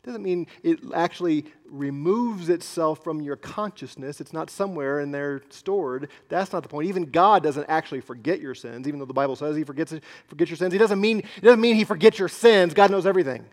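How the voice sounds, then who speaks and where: A man preaching a sermon as pastor, swinging between loud emphasis and hushed, near-whispered asides. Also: on the high side, brisk, few pauses.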